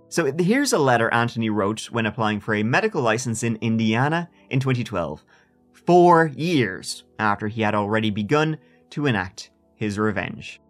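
A man's voice: medium pitch, a bit bright. A man hosting a true crime podcast, telling the story in a casual, sardonic way with profane, mocking asides. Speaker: podcast host.

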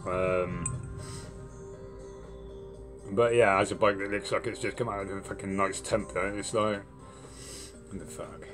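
Deep-voiced bloke telling a story. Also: male voice, a little slow, pauses often, music in the background. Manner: swears a lot, rambling and animated when retelling. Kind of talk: casual storytelling monologue.

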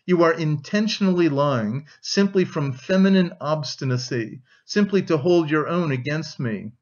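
A man reading an audiobook, voicing a bitter young man who speaks gravely and dryly. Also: on the high side, normal speed, dull audio, lightly acted. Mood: scornful. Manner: grave, dry, scornful.

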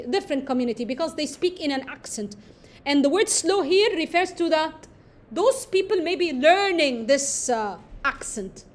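A woman teaching a lesson that analyzes a poem, explaining step by step, repeating key phrases and pausing on fillers. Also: high voice.

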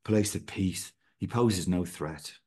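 A man reading aloud, voicing a grave, calm druid seer in a spoken story. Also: deep voice, a little slow, breathy edge.

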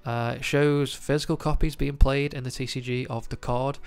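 A trading card news host with a cold talks casually to camera about card collecting, his nasal voice mid-range, flat, and moderately paced with a clean tone. He's chatty and fills his speech with lots of ums and uhs.

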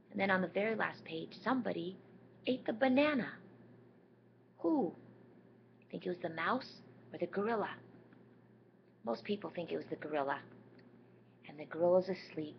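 A woman teaching signs while reading a children's picture book aloud, slow and gentle, livening it up with voices. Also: fairly low pitch, expressive, gravelly, highs cut off, a little hiss or hum. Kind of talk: storybook reading with sign instruction.

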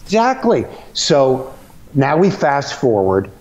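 A male comedian telling a long anecdote from home, lively and acting out the other people's voices. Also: medium pitch, slow. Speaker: comedian guest. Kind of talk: animated storytelling.

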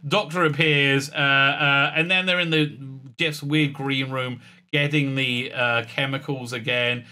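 A man's voice: mid-range voice, fairly even intonation, unhurried, bright, forceful tone. A man recapping and reviewing a TV episode in a sarcastic, rambling way, full of fillers and restarts. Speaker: TV reviewer, channel host.

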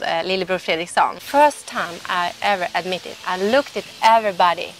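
A woman telling her personal faith story in an emotional, halting way, often restarting her sentences. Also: a little high, sharp tone, a little hiss or hum. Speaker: testimony speaker.

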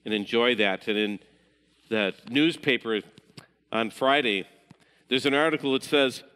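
A man preaching at a measured pace, his voice falling to a near-hush for quiet passages. It is a mid-pitched voice. A long reverb tail from the hall follows each phrase. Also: clear, resonant tone. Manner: measured, dropping to a hushed voice at times. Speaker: pastor. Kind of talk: sermon.

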